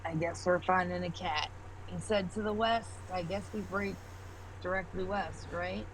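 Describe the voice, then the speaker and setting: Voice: mid-range voice, steady tone, moderate pace, slight background noise, rough recording. A player in a tabletop game, talking in an easygoing, wry way. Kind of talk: casual chat during a tabletop game.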